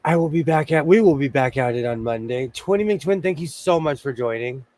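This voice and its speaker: A man's voice: on the high side, expressive, brisk, no echo. Chatty older man hosting a stream. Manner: chatty, warm sign-off, laughs easily. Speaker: host. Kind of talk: casual livestream chat.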